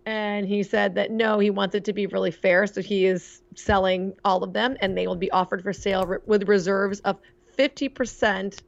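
A woman with a gravelly, creaky voice co-hosts a podcast and tells stories in a chatty way. She fills her speech with "um" and "like". The recording sounds dull and dry. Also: mid-range voice, steady tone, normal speed, no room sound. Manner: chatty storytelling, frequent "um" and "like". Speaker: podcast co-host. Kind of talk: casual chat.

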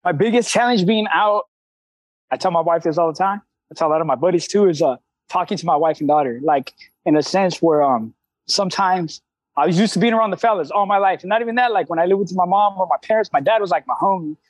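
A man in his thirties with a high voice, talking in a candid, streetwise way full of slang and cussing. The sound is dry and close, with no room around it. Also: fast, dry recording, low-quality recording. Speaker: CrossFit coach, guest. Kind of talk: casual interview talk.

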